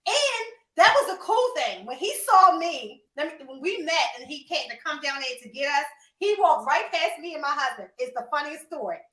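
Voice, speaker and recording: Animated high-voiced woman telling stories. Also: moderate pace, hardly any pauses, echoey room. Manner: animated, laughing, addresses listeners as y'all. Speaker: podcast host. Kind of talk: casual storytelling chat.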